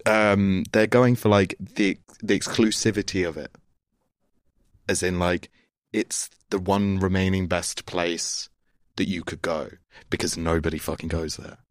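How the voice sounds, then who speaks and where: A young male host with a deep, low voice keeps the chat loose, laughing often and dropping casual swears. His voice sits close and dry, with no room around it. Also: fairly even intonation, unhurried, dry recording. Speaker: podcast host, touring musician. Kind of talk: casual podcast conversation.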